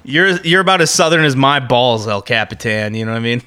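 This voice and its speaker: A man's voice: mid-range voice, animated, brisk, sharp tone, clear, resonant tone. A man from the Midwest co-hosting a podcast, chatting casually and ranting with heavy profanity and frequent laughter. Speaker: podcast co-host.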